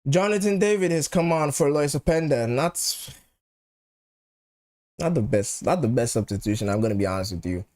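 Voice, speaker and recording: A man's voice: mid-range voice, expressive, moderate pace, a little mellow. A man with a Nigerian accent talks his viewers through a live football match. His delivery is loose and chatty, and he often repeats a phrase two or three times. He slips between pidgin and English as he goes. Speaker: football channel host. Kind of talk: live match watchalong chat.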